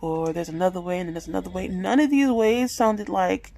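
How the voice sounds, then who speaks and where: A woman's voice: lowish voice, steady tone, a little fast, gravelly, mellow, poor audio. A woman in her late twenties talking candidly and emotionally to her phone camera at home, swearing freely. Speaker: vlogger. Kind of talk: personal talk to camera. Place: at home indoors.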